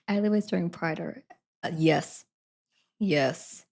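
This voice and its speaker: A woman's voice: on the low side, slow pace, creaky, pauses often, a little mellow. A young woman streaming live from her desk at home, chatting to viewers in a rambling way and laughing often. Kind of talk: casual chat to viewers.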